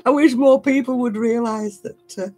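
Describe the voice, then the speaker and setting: An older woman chats with her livestream viewers, breaking into laughter. Her voice is husky and sits a little high, with a warm, motherly, gossipy manner. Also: normal speed, faint music behind. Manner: chatty, laughs often, motherly. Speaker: crafting livestream host. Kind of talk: casual chat reading viewer comments.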